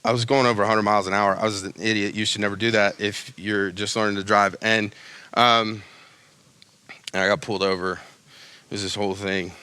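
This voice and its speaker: A young adult man preaching a sermon in a casual, animated way, with slangy asides and quick acted-out lines. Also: fairly low pitch, clear, resonant tone. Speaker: pastor.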